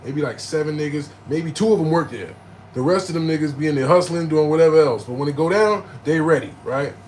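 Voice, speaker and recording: A man telling a story in animated, slangy street talk, jumping into loud, high bursts when he acts out quotes. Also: quick pace, a little hiss or hum, low-quality recording. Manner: profane, slangy.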